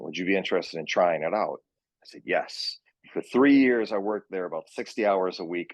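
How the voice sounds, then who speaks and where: A man's voice: low-pitched, no echo. A man in his forties from Minnesota, a guest telling rambling stories about his acting and casting work in casual chat. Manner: rambling anecdotal storytelling. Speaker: guest, actor and session director.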